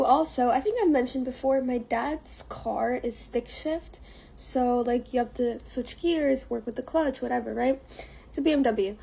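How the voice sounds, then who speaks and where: A woman's voice: on the high side, gravelly, dark tone, slightly rough. A young woman chatting casually while getting ready, rambling with lots of filler words. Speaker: lifestyle creator. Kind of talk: get-ready-with-me chat.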